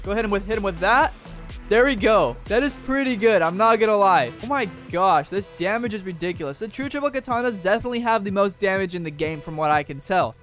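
A young man giving excited, joking commentary on a game he is playing. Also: high-pitched, clear, resonant tone. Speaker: gaming video host. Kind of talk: gameplay commentary. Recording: faint music behind. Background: background music.

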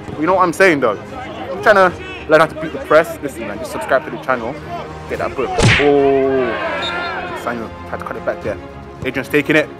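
Excitable man commentating football. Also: mid-range voice. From South London. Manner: casual slang, cheering and groaning over plays. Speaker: match commentator for his club.

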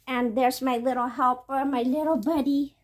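Chatty high-voiced woman vlogger. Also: fairly even intonation, normal speed. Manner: rambling and chatty, with many ums and restarts. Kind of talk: casual product tips vlog.

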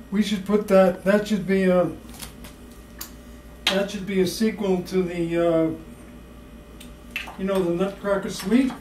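Slow, whimsical home cook. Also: mid-range voice, fairly even intonation, a little mellow, roomy sound, slight background noise, poor audio. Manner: whimsical, slow and drawn-out, playfully mock-serious. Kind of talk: playful cooking video banter. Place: home kitchen.

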